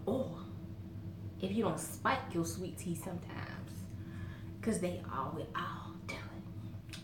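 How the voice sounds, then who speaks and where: A woman's voice: medium pitch, noisy background. A woman with a Southern American accent chatting to camera in a folksy way, laughing often as she tells stories. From Southern United States. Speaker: vlogger. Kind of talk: casual chat to camera. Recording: roomy echo.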